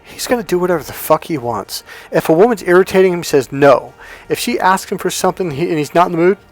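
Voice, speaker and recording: A man's voice: sits high, animated, fast talker, soft background music. Blunt, profane man coaching. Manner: profane, blunt, storytelling with acted quotes. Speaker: dating coach. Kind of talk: unscripted coaching talk.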